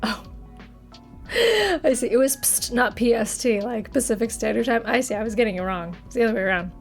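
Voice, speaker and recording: A young woman with a northern US accent chats on a livestream, her fairly high voice bright with giggles as she banters with viewers. She talks into a desk mic with faint music underneath. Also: expressive, brisk, creaky. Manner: chatty, giggly, answers viewer chat playfully. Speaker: streamer. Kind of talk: casual livestream chat. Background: faint background music.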